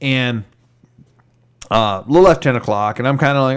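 At normal speed and with long pauses, a mid-range male voice comes through over a slight hiss or hum. He's a podcast co-host spinning a long, rambling story and animatedly performing the quoted voices of its characters.

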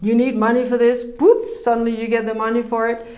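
A woman's voice: a little high, little pitch movement, brisk, warm tone. Earnest woman preacher in a roomy space. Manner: earnest, conversational, laughs often. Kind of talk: informal sermon teaching. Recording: roomy echo.

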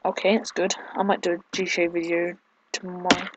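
A young man giving excitable let's-play gameplay commentary at his home computer, yelping and shouting at the game. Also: high-pitched, a little fast, highs cut off, background noise.

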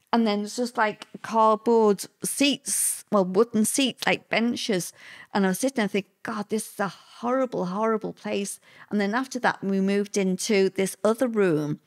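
A middle-aged woman, telling a personal story as an interview guest, chatty and repetitive. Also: medium pitch. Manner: conversational, repeats words, lively quoted voices.

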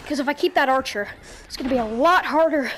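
A woman giving casual gameplay commentary at home on a headset, talking to the game and shouting at the enemies in frustration. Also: high-pitched, quick pace. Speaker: gaming YouTuber.

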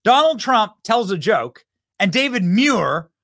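A man hosting a political commentary show, reacting to news clips in a mocking, emphatic way that swings between loud and quiet. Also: high-pitched, big pitch swings, measured pace, dry recording, clean studio sound. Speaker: show host.

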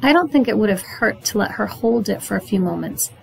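A woman's voice: medium pitch, lively intonation, creaky, a little hiss or hum, rough recording. A woman reading aloud, voicing a dignified mother in a storybook who speaks firmly and kindly. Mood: gentle. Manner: firm, measured reproach. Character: Mama, a dignified, firm but kind mother.

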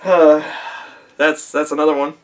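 A man's voice: a little high, a little slow, a bit bright, a little hiss or hum. Sarcastic man recapping an anime. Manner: sarcastic and profane, laughing often. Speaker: anime reviewer. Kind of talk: casual recap and review. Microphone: camera mic.

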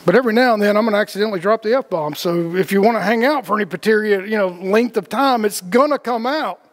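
A man's voice: high voice, fast talker. A man leading a casual spiritual group talk, rambling with lots of fillers and the odd swear word. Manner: rambling, heavy on fillers and cussing.

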